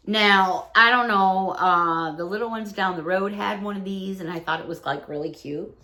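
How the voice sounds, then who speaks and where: A woman's voice: medium pitch, moderate pace, sharp tone, slight background noise. A middle-aged woman vlogger chatting casually and cheerfully as she unboxes a haul, exclaiming over each item.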